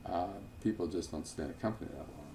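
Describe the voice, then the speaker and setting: A man teaching a financial planning class in a relaxed lecture style, with frequent fillers, restarts and offhand asides. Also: low voice, fast talker, gravelly, slight background noise. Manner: informal, digressive, with many fillers and asides.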